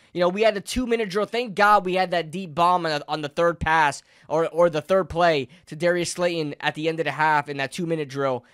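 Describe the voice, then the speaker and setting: A young man rants about his football team in a high, smooth, clear voice, sarcastic and exasperated, repeating lines and swearing as his frustration spills over. He speaks close to the mic in a dry room at home. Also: a bit bright, dry recording. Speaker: sports fan ranter. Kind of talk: heated solo sports rant.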